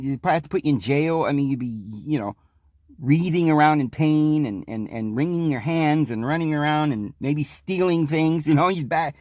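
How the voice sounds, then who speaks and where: A man's voice: a little high, darkish tone, dry recording, clean studio sound. A man hosting a podcast in a rambling, emphatic monologue, sometimes acting out the people he quotes. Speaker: podcast host. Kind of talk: casual monologue.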